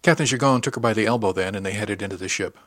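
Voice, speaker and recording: Low-voiced man narrating a story. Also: racing, a bit bright, dry recording, clean studio sound. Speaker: audiobook narrator. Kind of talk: first-person scripted narration.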